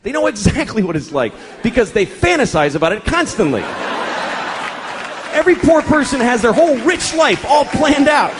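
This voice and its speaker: A middle-aged man doing stand-up comedy, profane and exasperated, jumping into quick acted-out characters. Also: very high voice, very animated, crowd noise. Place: comedy club stage. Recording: live club set with audience laughter and noise. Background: audience laughter and room noise.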